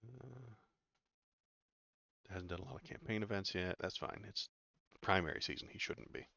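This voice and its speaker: A man with a very low, gravelly voice talks through the news in a sarcastic, rambling way, full of hesitations. The sound is dry and a little dull, like a lo-fi home mic. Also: normal speed, pushed and bright, no echo. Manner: sarcastic, rambling, many "uh" fillers. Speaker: political commentary streamer. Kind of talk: casual commentary reading news aloud.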